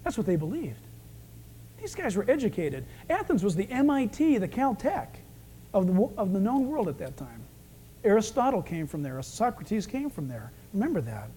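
Male pastor, very high voice, lively sermon delivery that acts out scenes. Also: normal speed, slight background noise. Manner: animated, acting out quotes.

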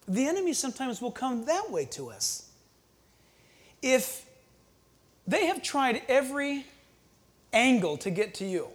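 Preacher with a lively, swooping voice. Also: medium pitch. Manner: conversational, asks the audience rhetorical questions; acts out scenes with quoted voices. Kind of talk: sermon.

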